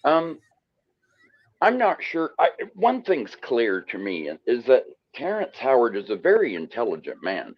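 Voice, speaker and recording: A mid-pitched man from Indiana calling in to a podcast. He greets everyone politely and eases into his point with some hesitation. His voice comes through a dull, muffled line. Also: wildly swooping pitch, measured pace. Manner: polite, friendly, a bit hesitant. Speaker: caller. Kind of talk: call-in discussion.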